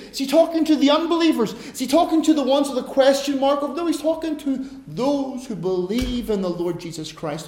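A man preaching a sermon in a conversational way, swinging between quiet asides and loud, emphatic stresses. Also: very high voice. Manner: conversational, tells personal anecdotes. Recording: roomy echo.

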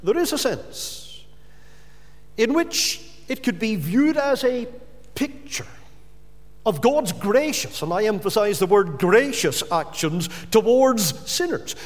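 Slow earnest preacher guy, pleading with the congregation, church reverb trailing behind. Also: extremely high pitch. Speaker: pastor. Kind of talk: sermon.

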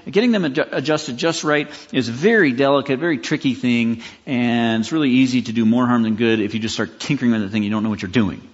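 A man teaches scripture in a relaxed, conversational style, with a husky voice that rises and falls lively and stresses the key words. His speech sounds muffled and lo-fi, with a long reverb trailing behind. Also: medium pitch. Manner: conversational, emphatic, with self-questioning asides. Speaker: pastor and podcast host. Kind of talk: expository Bible teaching.

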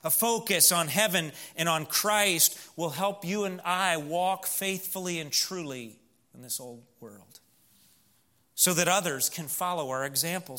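Southern preacher, male, bright timbre, earnest sermon delivery that drops to a hush for stories. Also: on the high side. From Missouri. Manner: earnest, swings from loud emphasis to hushed storytelling.

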